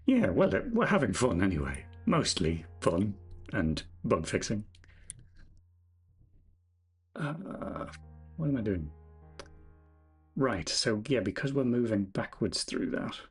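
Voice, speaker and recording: A man with a fairly low, husky voice live-streams his game development, thinking aloud as he codes in an unhurried way. He is very animated, correcting himself and chatting with viewers in a jokey, self-deprecating manner. Faint music plays in the background of this casual commentary.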